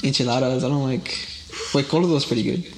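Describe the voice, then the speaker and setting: A man's voice: medium pitch, fast, background noise. A young man co-hosting a casual podcast chat, joking at his own expense and swearing freely. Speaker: podcast co-host.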